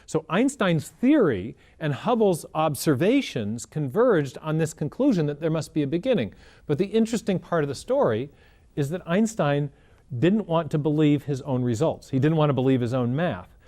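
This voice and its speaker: A man's voice: a little high, expressive, normal speed, warm tone. A man answering in an interview, explaining and telling a story earnestly, often repeating words as he thinks. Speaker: guest explaining science.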